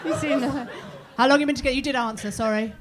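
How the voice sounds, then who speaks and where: Middle-aged southern English woman, stand-up comic, bawdy and cheeky, a bit high-voiced, live club mic with the crowd laughing. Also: fast talker, very noisy. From southern England. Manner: cheeky, bawdy, apologetic asides. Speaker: stand-up comedian. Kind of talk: stand-up comedy with crowd work. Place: comedy club stage.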